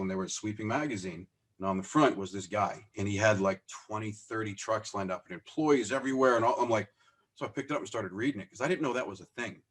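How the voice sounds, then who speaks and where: Animated man telling stories on a podcast. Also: lowish voice. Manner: animated, acts out quoted dialogue; self-deprecating, laughs as he talks. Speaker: podcast guest, business owner. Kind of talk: casual storytelling interview.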